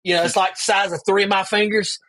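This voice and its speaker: Animated man telling a story. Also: high-pitched, fast. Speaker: guest. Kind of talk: casual storytelling interview.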